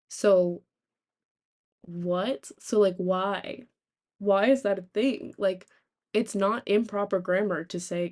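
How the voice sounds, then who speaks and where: A young woman from the United States, a streamer telling rambling, animated stories in casual chat, swearing freely. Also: mid-range voice, takes it slowly, long pauses.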